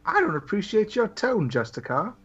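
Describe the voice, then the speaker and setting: A man's voice: sits high, huge pitch swings, normal speed, a bit bright, husky, voice pushed up, heavily acted. A man voicing an outspoken, earnest adventurer in a tabletop game, speaking directly. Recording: dull lo-fi recording.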